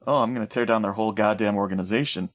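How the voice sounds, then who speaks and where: Brash, low-voiced man in a tabletop game. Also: very fast. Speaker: player. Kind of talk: tabletop role-play, in character.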